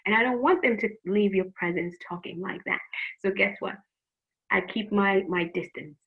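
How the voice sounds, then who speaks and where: A woman's voice: medium pitch, moderate pace, gravelly. A middle-aged woman teaching teens in a faith-based talk, earnest and frank, often repeating words as she gives advice. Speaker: youth program teacher. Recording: tinny phone-like line.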